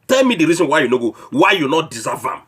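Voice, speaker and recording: A man rants in Nigerian Pidgin with a bright, forceful tone. His voice sits fairly high and swings up and down a lot as he scolds his listeners. He hammers them with mocking rhetorical questions. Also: sing-song, quick pace, breathy edge. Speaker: online commentator. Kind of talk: political rant.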